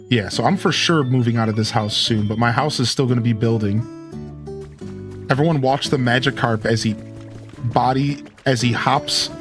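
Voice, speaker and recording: A man streaming a video game and chatting casually with his viewers. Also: mid-range voice. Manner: chatty, talks to chat, "dude" and "like". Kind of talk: casual let's-play commentary.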